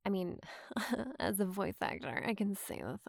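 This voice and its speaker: A voice actor guest on a casual podcast, she's a young adult woman from Georgia, USA, with a mid-range voice that's very animated yet unhurried, with vocal fry. The recording is dry and studio-clean. Her talk is chatty and rambling, full of "like" and frequent laughs.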